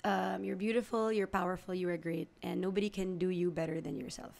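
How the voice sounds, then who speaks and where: A woman, a podcast guest talking candidly, warmly, with frequent stammered restarts and laughs. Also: on the low side, fairly even intonation, brisk, gravelly. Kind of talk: candid conversational interview.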